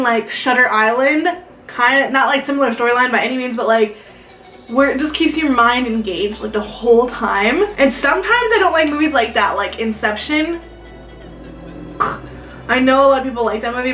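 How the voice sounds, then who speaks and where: Fairly high-pitched and fairly bright, the woman's voice comes from a distant mic in an echoey room where faint music plays. A young beauty vlogger from South Dakota, she rambles through a casual get-ready-with-me chat while applying makeup, filling it with "like."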